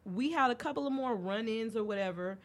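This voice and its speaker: A young adult podcast host with a slightly high voice talks briskly, swapping candid stories in a casual way. She gets animated whenever she performs the quoted lines.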